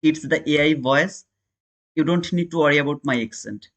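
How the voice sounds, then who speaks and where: His pitch is fairly high, his speed normal, and his tone a bit bright. He's a day trader with an Indian accent running a live trading stream, talking casually with viewers, calling them brother and replying to chat.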